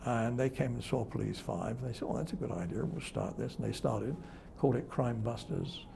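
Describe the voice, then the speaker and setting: A man's voice: mid-range voice, moderate pace, vocal fry, mellow, a little hiss or hum. An older man, a television presenter, reminiscing in an interview and telling anecdotes with chuckles, acting out the voices of people he quotes. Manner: chuckling storyteller who acts out quoted voices.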